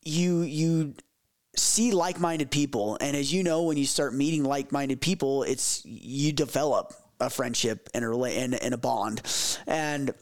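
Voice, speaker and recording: A man in his thirties chatting casually, halting, with many restarts and repeated words. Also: mid-range voice. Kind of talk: casual chat.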